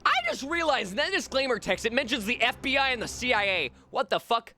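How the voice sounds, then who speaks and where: A man's voice: very high-pitched, big pitch swings, a little fast, few pauses, bright, forceful tone, a little hiss or hum. A male streamer chatting casually on a live gaming stream, swearing freely and repeating words over and over to test how to say them.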